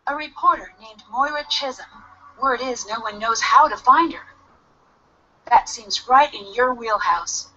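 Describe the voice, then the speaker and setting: A woman's voice: fairly high pitch, measured pace, bright, forceful tone. An actress voicing a polite, determined young woman detective in a mystery game. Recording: dull lo-fi game audio.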